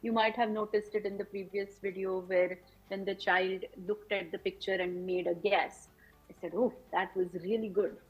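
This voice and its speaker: A woman's voice: mid-range voice, level tone, normal speed, breathy edge, soft background music, rough recording. A woman presenting at a conference, explaining her teaching strategies step by step to other teachers.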